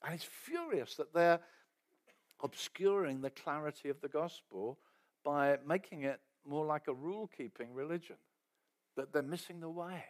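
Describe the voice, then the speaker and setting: A man preaching a sermon in a conversational storytelling way, often dropping to a soft aside and acting out quoted voices. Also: on the high side, moderate pace.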